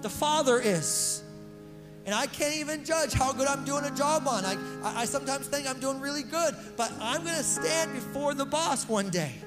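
A man with a strikingly high voice delivers a casual sermon as the pastor, talking to the congregation like friends. He leans on slang, repeats his points for emphasis and often restarts words mid-phrase. His voice rings through a large hall with long reverb, while music plays clearly behind him. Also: lively intonation, normal speed.

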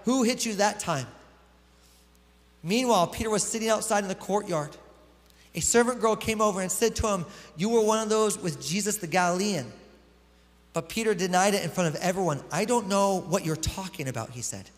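A man's voice: sits high, lively intonation, a little fast. A man preaching a sermon as pastor. He reads scripture aloud, then explains it in a conversational way. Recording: long hall reverb.

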